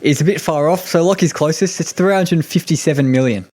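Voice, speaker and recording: A man's voice: on the high side, brisk, darkish tone. A man with an Australian accent hosting a podcast, asking questions and running a quiz in a chatty, easygoing way. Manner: easygoing, chatty, hesitant fillers. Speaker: podcast host.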